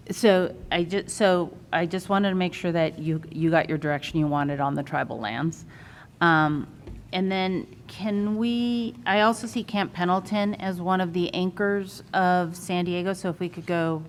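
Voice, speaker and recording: A woman commissioner speaking in a public meeting over a video call, halting, with frequent ums and restarts. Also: fairly low pitch, clear, resonant tone. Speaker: redistricting commissioner.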